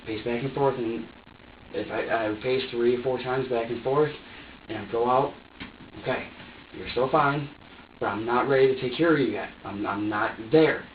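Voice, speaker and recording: A young man in a police interrogation room pours out an agitated, profane confession, stumbling over restarts as he goes. He sits away from the microphone, so his voice reaches it distant and roomy. The recording sounds dull and muffled, with a faint hum underneath. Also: mid-range voice. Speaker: suspect being questioned by police.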